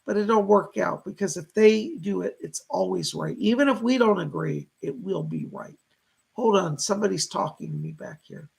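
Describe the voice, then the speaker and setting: A man hosting a live psychic reading stream, thanking viewers and passing on messages from spirits in a chatty, animated way. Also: high-pitched, moderate pace, gravelly, breathy edge. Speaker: psychic medium host.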